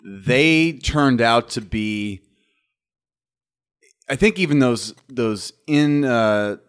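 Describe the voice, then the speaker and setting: A man's voice: mid-range voice, lively intonation, drawn-out words, smooth. A man co-hosting a podcast, chatting casually about sports and explaining his points. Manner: conversational, explains points, laughs along. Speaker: podcast co-host.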